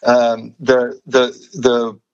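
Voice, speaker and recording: A man's voice: medium pitch, monotone, extremely slow, clean tone, lo-fi sound. A man guesting on a radio show, answering in a hesitant way with many fillers and restarts. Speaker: guest, underwater videographer. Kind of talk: casual radio interview.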